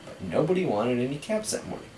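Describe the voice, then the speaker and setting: A woman reading a picture book aloud to a child, animated, with asides in between. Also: very deep voice, fast. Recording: echoey room, far from mic, background noise.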